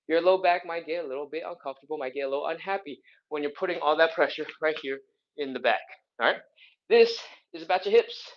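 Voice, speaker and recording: Male stretch coach, upbeat and a bit winded, mid-high voice, muffled stream sound. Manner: upbeat, counting reps, joking asides. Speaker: flexibility instructor. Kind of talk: live follow-along workout coaching.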